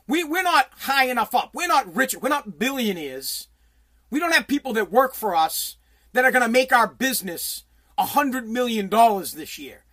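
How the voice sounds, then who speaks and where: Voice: mid-range voice, fairly bright tone. A sports talk host giving heated, blunt commentary full of swearing, restarting sentences often while reading viewer comments. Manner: heated, profane, blunt, with frequent repeated restarts.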